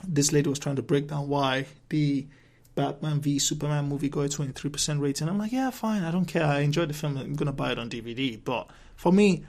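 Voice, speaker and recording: Male podcast host with a raspy, fairly high voice, ranting off the cuff and swearing freely. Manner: ranting, profane, rambling with restarts. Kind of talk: solo podcast rant.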